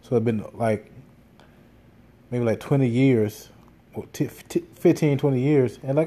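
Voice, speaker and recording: A man's voice: mid-range voice, expressive, a little slow, mellow, slightly rough. Rambling, profane man telling a story. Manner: rambling, profane, with many fillers and restarts. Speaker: podcast host. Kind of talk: casual storytelling monologue.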